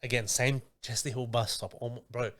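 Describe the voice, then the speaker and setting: A man's voice: mid-range voice, fairly quick. A man hosting a podcast, telling stories in casual, slangy chat. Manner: animated storytelling with slang. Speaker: podcast host.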